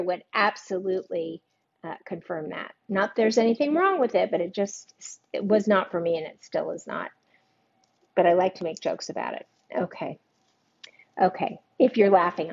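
A woman's voice: medium pitch, dull audio. An older woman hosting a live-streamed cooking demo, chatting casually, joking at her own expense and greeting viewers by name. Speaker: cooking show host.

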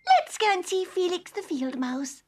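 A woman voicing a squeaky, helpful little dragonfly in a storybook read-aloud. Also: sing-song, moderate pace, heavy background noise. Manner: squeaky and chirpy.

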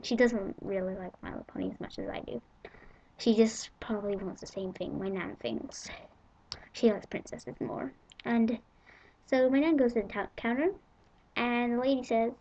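A female vlogger, chatting excitably to camera about a shopping haul and rambling with giggles. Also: fairly high pitch, unhurried, slight background noise. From England. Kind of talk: casual chat to camera. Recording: dull lo-fi home video audio.

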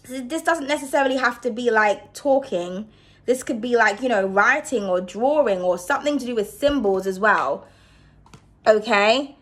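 A woman giving a casual card reading to her viewers, chatty and reassuring, often checking in with "okay?". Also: a little high. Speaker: tarot card reader.

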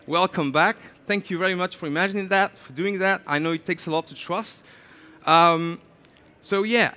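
A man giving a lively conference talk, chatty and animated, often saying "you know". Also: sits high. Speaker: conference speaker. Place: conference stage.

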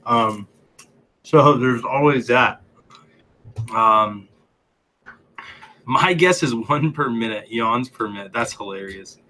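A man's voice: mid-range voice, takes it slowly, pauses often, bright, forceful tone. A young man hosting a casual livestream, chatty and laughing often as he reads viewer comments, a little out of breath. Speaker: livestream host.

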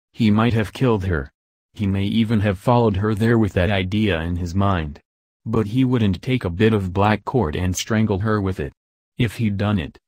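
A man's voice: on the low side, a little mellow, no echo, studio quality. A man reading the lines of an impulsive young heroine who speaks in an earnest, heartfelt way.

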